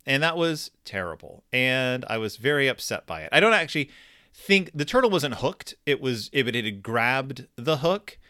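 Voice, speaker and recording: A man's voice: mid-range voice, very animated, normal speed, sharp tone, dry recording, clean studio sound. A man in his thirties hosting a podcast, telling personal stories in a rambling, self-deprecating way full of restarts. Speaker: podcast host. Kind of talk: casual storytelling monologue.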